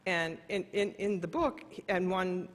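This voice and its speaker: Speaking unhurriedly in a lowish voice, a middle-aged keynote speaker tells personal stories with earnest self-corrections. She's in a large conference hall whose long reverb carries through the recording.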